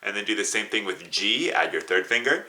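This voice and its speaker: Bright-voiced man teaching beginner flute. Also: fairly low pitch, animated, brisk, faint music behind. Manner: patient, encouraging, counts students in; sings note names and tonguing syllables. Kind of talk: beginner music lesson.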